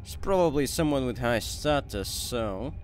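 A man, not a native English speaker, commenting excitedly while playing a video game and thinking aloud. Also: mid-range voice, measured pace, soft background music. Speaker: gaming channel host. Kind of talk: let's-play commentary.

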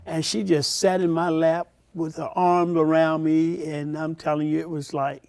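An older man, a father, recalling a family reunion in a slow, heartfelt, reflective way. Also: fairly high pitch, level tone, vocal fry, darkish tone, dry recording. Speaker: guest. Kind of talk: heartfelt recollection.

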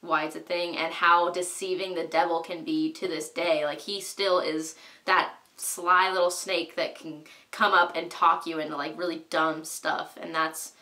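A woman's voice: lowish voice, flat delivery, measured pace, pushed and bright. A young woman hosting a Bible study, retelling the story in a breezy, slangy way full of "like". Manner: breezy, slangy, heavy use of "like".

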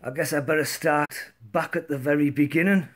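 A man's voice: on the high side, fairly even intonation, moderate pace, fairly bright tone. Laid-back, crude man in a comedy sketch.

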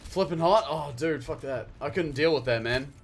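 A young man with a New Zealand accent, chatting casually and excitably while streaming a game, swearing and yelling at the action. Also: on the high side, normal speed. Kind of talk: casual live-stream gameplay chat.

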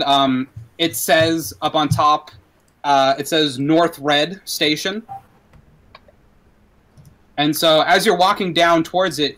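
A man's voice: a little high, poor audio. Man narrating as dungeon master. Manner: relaxed storytelling with fillers. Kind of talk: narrating a tabletop game.

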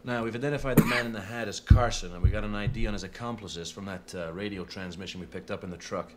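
A brisk, low-voiced police investigator, played by a man, rattling through a case briefing. He speaks over a faint wash of room ambience. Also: steady tone, noisy background, lightly acted. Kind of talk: sketch comedy acting.

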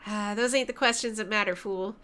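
A woman voicing a menacing male kidnapper on a phone call, gruff and threatening as she reads game lines. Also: medium pitch, steady tone, fairly quick, fairly bright tone, lightly acted.

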